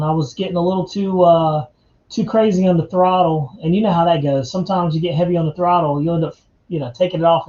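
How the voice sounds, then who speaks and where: A man's voice: on the high side, dark tone, lo-fi sound. Laid-back man in a roomy room. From North Carolina, US. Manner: laid-back, chatty, calls viewers man and dude. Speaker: livestream host. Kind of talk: casual live chat.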